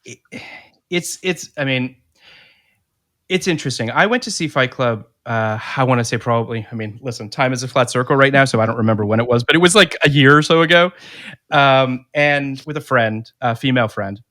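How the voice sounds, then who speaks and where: A man's voice: medium pitch, brisk, pushed and bright. A man hosting a podcast, talking casually and opinionatedly, often restarting his sentences and repeating words. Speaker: podcast host.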